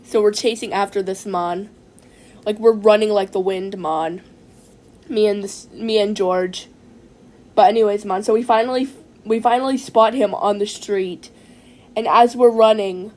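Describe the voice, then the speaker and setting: A woman telling a comic story in character, rambling with halting restarts and tacking "man" onto nearly every phrase in a mock-serious, droning delivery. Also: mid-range voice, darkish tone. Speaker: comedic vlogger telling a story.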